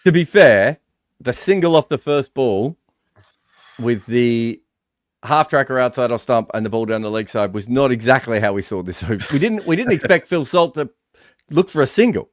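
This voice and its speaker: A man co-hosting a live sports watch-along, giving relaxed, reflective analysis of the play. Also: mid-range voice, moderate pace, dry recording, studio quality. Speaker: co-host and analyst.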